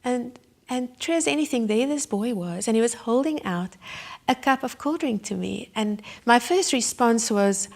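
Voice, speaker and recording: A woman's voice: on the high side, lively intonation, normal speed, vocal fry. Woman telling a story from the pulpit. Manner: vivid, emotional storytelling with sudden hushed asides. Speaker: Christian speaker. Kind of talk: storytelling sermon.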